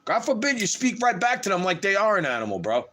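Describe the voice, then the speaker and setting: A man with a high voice holds forth on a livestream in a heated, swearing rant. His pitch climbs and plunges widely as he talks, so the delivery sounds restless and agitated throughout. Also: very animated, fast talker, fairly bright tone. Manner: heated, profane, ranting.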